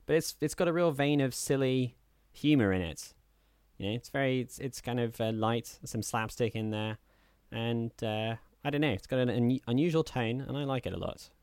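This podcast co-host speaks in a mid-range voice at a moderate pace, recorded cleanly in a studio with no echo. His casual chat meanders with plenty of fillers, and he occasionally drops into a soft, smooth fake voice.

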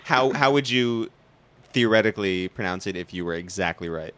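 A man's voice: low-pitched, expressive, brisk, fairly bright tone, a little hiss or hum. A man co-hosting a podcast, asking questions and telling stories in an easygoing way, laughing often. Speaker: podcast co-host. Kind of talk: casual interview chat.

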